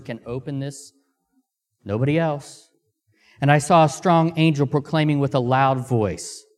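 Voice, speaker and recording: A man preaching a sermon, reading scripture aloud and pausing to ask the congregation questions, with Amharic as his first language. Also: medium pitch, a little mellow. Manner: slow, deliberate pacing with emphatic pauses. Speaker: missionary preacher.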